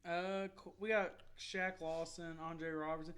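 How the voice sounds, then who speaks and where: A man's voice: a little high, unhurried. A young man co-hosting a sports podcast, telling stories in casual, profane banter and laughing often. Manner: profane, laughing, animated storytelling. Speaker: podcast co-host.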